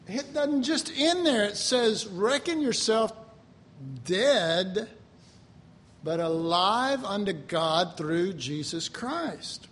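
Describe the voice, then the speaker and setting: Animated high-voiced male preacher. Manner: animated, laughing, bursts into loud shouts. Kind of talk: sermon.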